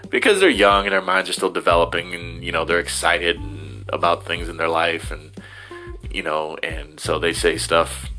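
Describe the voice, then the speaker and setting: A man's voice: low-pitched, moderate pace, pushed and bright, faint music behind. A middle-aged man from Ohio rambling in a casual, self-deprecating monologue, slipping into silly voices as he talks. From Ohio, USA. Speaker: vlogger.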